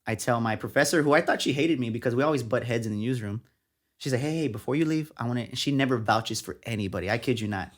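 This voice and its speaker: A fast-talking young man with a mid-range voice, he is a journalist from San Antonio, Texas, guesting on a casual interview. He relates his story in a lively manner, impersonating what other people told him.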